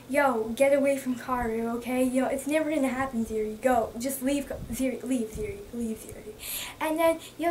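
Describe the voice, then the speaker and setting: Young woman, high voice, excitable and gushing, slightly distant mic with faint noise. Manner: gushing, excitable, lots of fillers. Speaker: book vlogger. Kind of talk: casual book review.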